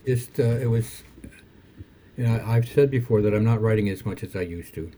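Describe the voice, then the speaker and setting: An older man who reads his own poems aloud and muses on them in a halting, self-correcting way. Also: lowish voice, over a noisy crowd. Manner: halting, self-correcting, faith-focused musing. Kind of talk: reflective conversation and poetry reading.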